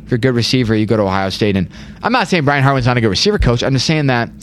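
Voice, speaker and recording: A man's voice: mid-range voice, animated, very fast, slight background noise. A young man hosting a casual sports chat, rambling, repeating words and saying "like" a lot. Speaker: podcast host.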